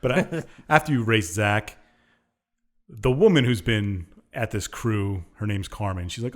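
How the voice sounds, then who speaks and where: A man with a somewhat low voice co-hosts a casual podcast. He recaps a game plot in a loose, rambling way, stopping often on fillers as he searches for words. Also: measured pace. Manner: rambling, hesitant with many uhs. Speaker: podcast co-host.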